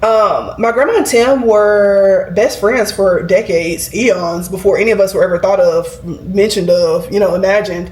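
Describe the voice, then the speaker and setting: A woman's voice: medium pitch, fairly even intonation, moderate pace, hardly any pauses, darkish tone. A woman, chatting and rambling to camera as a vlogger, with lots of "like" fillers. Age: 20s. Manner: chatty, rambling, heavy use of "like". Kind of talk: casual chat to camera. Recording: roomy echo.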